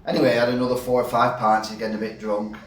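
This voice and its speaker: A man tells a long pub joke with casual swearing and lively delivery, at an average pitch for a man. The mic sits back from him, the room rings a little, and faint ambience runs underneath. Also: rapid-fire, roomy sound, recorded from a distance, slight background noise. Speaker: joke teller.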